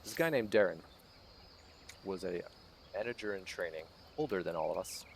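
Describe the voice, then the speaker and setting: A man's voice: low-pitched, lively intonation, normal speed, slight background noise. Crude, swearing man playing a game. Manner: crude, joking, heavy swearing. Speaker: let's play host. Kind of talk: casual gameplay commentary.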